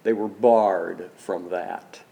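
A man preaching a sermon, slow and deliberate, letting his voice drop soft on key phrases. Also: low-pitched, fairly even intonation, creaky. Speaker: pastor.

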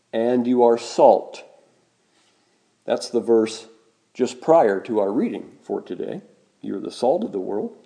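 A man preaching a sermon in a slow, emphatic way, with dramatic pauses on key words. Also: fairly high pitch, dark tone. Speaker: pastor.

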